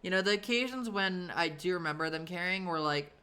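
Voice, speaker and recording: A woman's voice: fairly low pitch, expressive, a little fast, sharp tone, clean tone. A woman in her thirties streaming from home, telling stories in a chatty, rambling way, full of fillers and casual swearing. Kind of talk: casual storytelling on a live stream.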